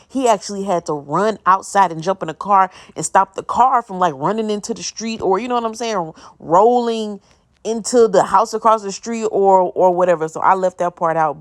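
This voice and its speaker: Chatty woman telling a personal story. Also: mid-range voice. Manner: chatty, talks straight to viewers, laughs through the story. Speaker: vlogger. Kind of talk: casual storytime.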